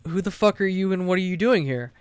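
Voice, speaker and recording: A man's voice: high-pitched, brisk, smooth, dry recording, pitched above the performer's own voice, close to an everyday voice. A man voicing a cocky teenage thieves guild leader in a retold tabletop game, brusque and profane, close to his own voice.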